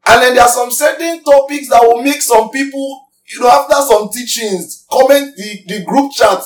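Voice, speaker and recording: Caught off mic in a reverberant hall, a pastor with a very high voice preaches forcefully at normal speed, barely pausing. He teaches by asking the congregation questions.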